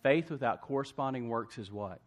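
A man's voice: mid-range voice, animated, brisk. Preaching man calling out "amen?". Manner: call-and-response preaching, asks congregation "amen?"; swings from hushed to loud for emphasis. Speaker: pastor. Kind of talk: sermon.

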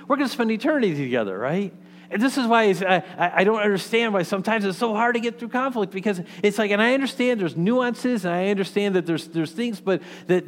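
A man preaching a sermon in a conversational way, often checking in with "okay?" and "right?" and restarting his sentences. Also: sits high. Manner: frequent restarts and repeated words. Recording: long hall reverb.

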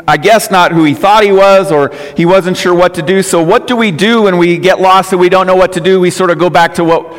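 A male pastor preaching a sermon in a conversational way, often rising for emphasis. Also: fairly high pitch. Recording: long reverb of a hall.

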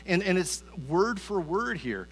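A man's voice: sits high, very animated, unhurried, a bit bright, breathy edge, faint music behind. A man giving a conversational sermon as a pastor, often repeating his first word as he starts a sentence. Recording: reverberant hall with faint mains hum.

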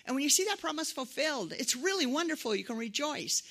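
A woman's voice: high-pitched, brisk. A middle-aged woman preaching a conversational sermon, telling personal stories and acting out the voices of the people in them. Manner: conversational, animated quoted voices.

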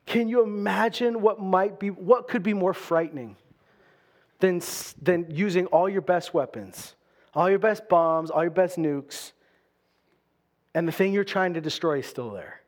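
A man with a high voice delivers a sermon. He drives hard in loud passages, then drops to quiet, low-spoken stretches. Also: unhurried. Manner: dynamic preaching, swings from loud bursts to quiet lows. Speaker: pastor.

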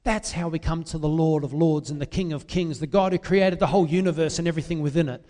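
High-voiced preacher in a reverberant hall. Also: male voice, fairly even intonation. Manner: swings from loud, drawn-out pleading to quiet, intimate confession. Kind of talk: impassioned sermon.

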